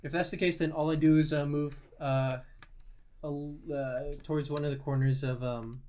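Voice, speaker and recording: A man's voice: on the high side, steady tone, normal speed, a little mellow, a little hiss or hum. A man playing in a tabletop game, joking around with the table. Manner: joking, giggly. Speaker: player. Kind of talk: casual tabletop game banter.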